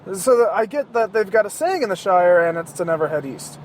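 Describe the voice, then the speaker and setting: A man's voice: high voice, animated, a little fast, slight background noise. A man hosting a podcast, talking in a casual, rambling monologue from inside his car while he drives, joking and swearing sarcastically as he goes. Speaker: podcast host.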